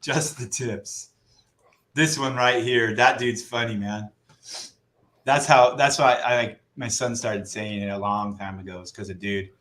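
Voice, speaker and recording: Canadian man, podcast co-host, bright forceful voice, loose profane banter, roomy echo. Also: lowish voice, steady tone, moderate pace. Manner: swearing, joking banter. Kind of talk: casual chat.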